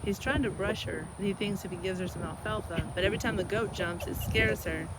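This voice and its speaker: A woman's voice: mid-range voice, a little fast, heavy background noise. A woman from Texas telling stories in a casual, chatty vlog, talking to the animals around her. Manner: chatty, storytelling, talks to animals. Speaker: chiropractor vlogger. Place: outdoors on a ranch and in a car.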